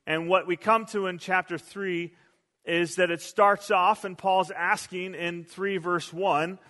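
A man preaching a sermon as pastor, an animated storyteller who often repeats words as he goes. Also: high voice, unhurried. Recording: long hall reverb.

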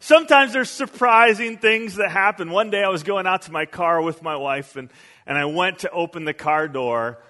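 A man preaching a sermon as pastor, an animated storyteller who often repeats words as he goes. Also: sits high, normal speed. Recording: long hall reverb.

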